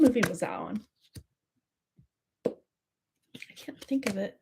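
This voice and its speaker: A woman's voice: medium pitch, slow pace, long pauses, darkish tone, slightly rough. A woman giving a live tarot reading in a chatty, rambling way, laughing often. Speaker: tarot reader.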